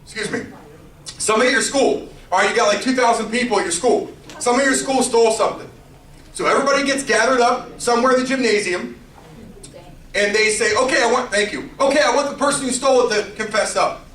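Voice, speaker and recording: Man, youth pastor, high bright voice, lively storytelling, echoey room from far off. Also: fast talker, a little hiss or hum. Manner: animated storytelling with playful character voices. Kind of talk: youth sermon.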